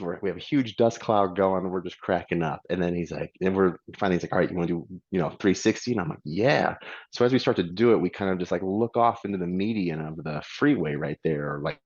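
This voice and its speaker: A man in middle age with a deep, low voice tells a road story from his wrestling days. He is casual and lively and acts out what others said. The sound is a bit dull and lo-fi. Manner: animated, acts out quotes of others. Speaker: former pro wrestler, guest.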